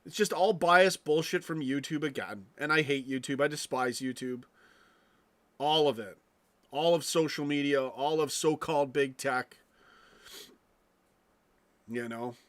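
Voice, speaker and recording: A man on a live stream rants in a slightly higher-than-usual voice, swearing freely and tripping over his own words. He keeps turning to chat with his viewers as he goes. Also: a little slow, pauses often, fairly bright tone. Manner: ranting, profane, frequent restarts; chatty asides to viewers. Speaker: fan channel live streamer. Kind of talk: casual live stream rant.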